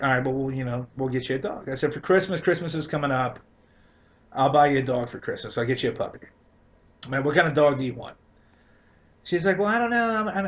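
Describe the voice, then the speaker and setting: A man telling a long casual comic rant about his life, loose and profane, laughing between lines. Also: mid-range voice. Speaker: comedian telling a story.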